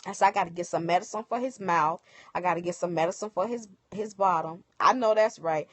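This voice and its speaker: A woman telling viewers a personal story in casual, animated speech, acting out the other people's lines. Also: lowish voice, a little fast, dry recording. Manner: emotional, animated retelling with quoted dialogue. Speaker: livestream host. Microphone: phone.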